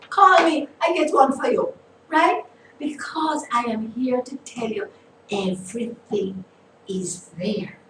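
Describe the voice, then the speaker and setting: A woman who hosts a faith talk show, preaching with slow emphasis and rising repeated lines. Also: high-pitched, echoey room, far from the mic, a little hiss or hum, poor audio.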